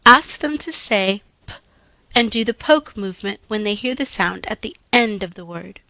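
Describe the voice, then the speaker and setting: A woman reading out scripted teaching instructions in a slow, deliberate, carefully enunciated way. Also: medium pitch, animated, vocal fry, bright, forceful tone, dry recording.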